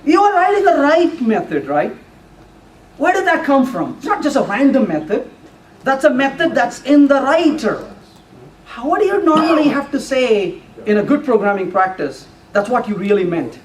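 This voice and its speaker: Brief: middle-aged male conference speaker, lively and joking, distant mic in a reverberant room with faint background noise. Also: very high voice, moderate pace. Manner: playful, teasing the audience with questions. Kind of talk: live technical talk. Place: meeting room before an audience.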